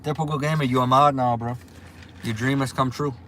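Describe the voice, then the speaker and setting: Guy running his own livestream, chatty and upbeat, mid-pitched voice, faint hum behind him. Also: fairly even intonation, fairly quick, fairly bright tone. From Louisiana. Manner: upbeat, chatty, greets viewers by name. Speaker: livestream host. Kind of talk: casual livestream chat reading viewer comments.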